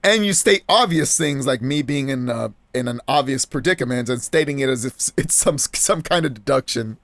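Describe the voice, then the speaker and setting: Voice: mid-range voice, lively intonation, moderate pace, few pauses, fairly bright tone, dry recording. A let's play gamer giving casual, chatty game commentary with a self-mocking manner.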